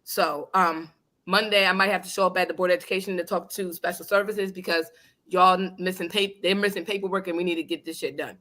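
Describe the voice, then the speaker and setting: A woman hosting a casual talk show, telling a story in an animated, emphatic and blunt way. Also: on the low side, fast. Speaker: host. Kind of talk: casual chat. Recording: live online radio show.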